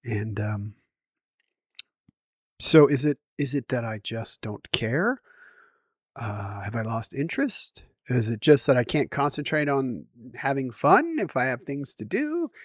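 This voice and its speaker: A man's voice: medium pitch, sing-song, measured pace, dry recording, clean studio sound. A middle-aged man talking to camera at home in a rambling, self-mocking way and laughing often. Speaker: vlogger. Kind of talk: rambling casual vlog.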